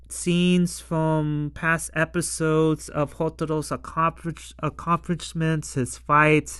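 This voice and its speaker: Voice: medium pitch, fairly bright tone, clear, resonant tone, dry recording, studio quality. A casual reviewer talking through a TV episode, rambling with lots of "like" and laughing often.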